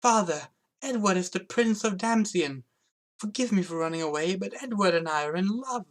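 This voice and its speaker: A woman's voice: mid-range voice, lively intonation, moderate pace, pitched above the performer's own voice, lightly acted. A woman voicing an earnest young woman, a loving daughter.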